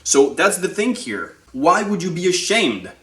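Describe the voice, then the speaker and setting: A young man from France with a French accent, talking to camera in an animated, urging way full of rhetorical questions. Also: high-pitched, measured pace, roomy sound. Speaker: vlogger. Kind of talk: motivational talk to camera.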